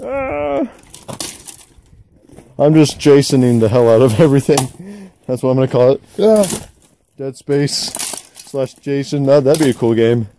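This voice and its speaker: A man's voice: mid-range voice, normal speed, warm tone, a little hiss or hum. A young man joking around and narrating to the camera while hiking outdoors on a mountain trail. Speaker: vlogger. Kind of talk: casual hiking vlog. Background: music.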